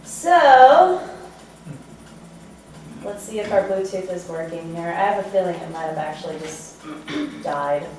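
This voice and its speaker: A woman's voice: lowish voice, animated, a little slow, pauses often, a little mellow, slight background noise. A woman choreographer giving a live demo presentation, talking loosely with fillers and chuckles. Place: arts venue hall, indoors. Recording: echoey room from far off.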